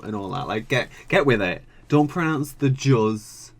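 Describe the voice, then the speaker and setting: A man's voice: fairly low pitch, moderate pace, hardly any pauses. A young man from the UK chatting casually as he reacts to a reality show, swearing often and groaning or squealing at what he sees. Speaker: reaction video creator.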